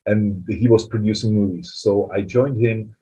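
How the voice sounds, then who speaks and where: A man's voice: lowish voice, normal speed. A man in his forties with a Czech accent, a film director telling anecdotes in an interview, peppered with "you know". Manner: animated storyteller, frequent "you know". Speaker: film writer-director guest. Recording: dull lo-fi sound.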